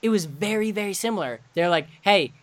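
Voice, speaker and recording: A young man co-hosting a casual podcast chat. He is blunt and swears freely, and he slips into quick acted-out voices when he quotes other people. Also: fairly high pitch, lively intonation, pushed and bright. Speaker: podcast co-host.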